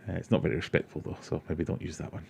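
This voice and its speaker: A man's voice: low voice, level tone, racing, vocal fry, a little mellow, a little hiss or hum. A man hosting a casual livestream, rambling, joking and reading viewer comments aloud. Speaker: aquarium livestream host.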